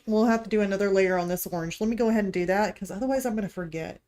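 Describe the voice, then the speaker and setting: A woman's voice: medium pitch, racing, a little mellow. A woman from Missouri with a light Missouri accent, chatting through a live painting tutorial as she works. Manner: chatty, thinking aloud while working. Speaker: art instructor. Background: heater hum.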